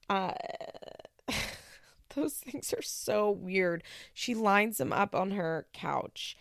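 A woman's voice: medium pitch, lively intonation, slow, gravelly, fairly bright tone, no echo, studio quality. A young woman hosting a solo podcast, talking casually and animatedly, full of "like" and incredulous asides. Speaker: podcast host. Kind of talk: solo podcast monologue recapping a reality show.

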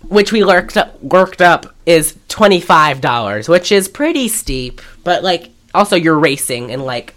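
A woman's voice: lowish voice, sing-song, a little slow, few pauses. A young woman co-hosting a podcast, casually recapping a movie and acting out the characters' lines in exaggerated voices. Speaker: podcast co-host.

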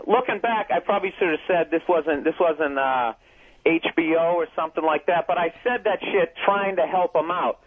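A man on a radio show, a comedian telling a profane, animated story in casual chat. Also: a little high, a little fast. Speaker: comedian guest. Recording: tinny phone line.

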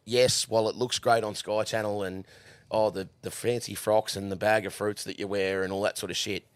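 Clear and resonant, this Australian man's voice is fairly low with a level tone and a fairly quick pace, recorded in a studio with no room sound. He's a podcast guest in casual chat, telling profane, laugh-filled stories from the horse stables.

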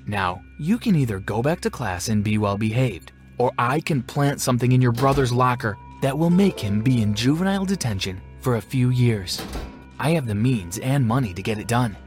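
A man voicing a stern, calm, scheming female school principal who talks in a cold, measured, threatening way, in a storybook reading. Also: medium pitch, soft background music, lightly acted. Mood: calm menace.

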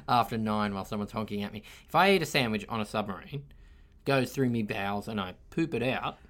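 Cheeky man, animated pitch. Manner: cheeky and crude, quick interjections. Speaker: podcast co-host. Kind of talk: casual podcast chat.

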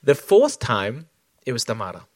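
A man's voice: medium pitch, huge pitch swings, moderate pace, a little mellow. A man talking as a choreographer in an onstage conversation, reflective, with many fillers and restarts. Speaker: choreographer guest.

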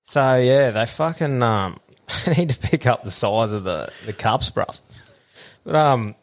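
A man co-hosting a podcast, telling stories in a loose, swearing, animated way. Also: mid-range voice, measured pace. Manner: profane, animated storyteller who acts out quotes. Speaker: podcast co-host. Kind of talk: casual chat.

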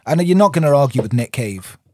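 Husky man telling crude stories. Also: medium pitch, big pitch swings, fast, warm tone, dry recording, clean studio sound. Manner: rambling anecdotes with crude jokes. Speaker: podcast guest. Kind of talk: casual chat.

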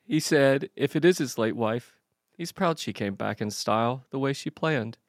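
A man's voice: medium pitch, lively intonation, normal speed, no echo, clean studio sound. A man co-hosting a casual comedy podcast, trading crude, self-mocking banter. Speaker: podcast co-host.

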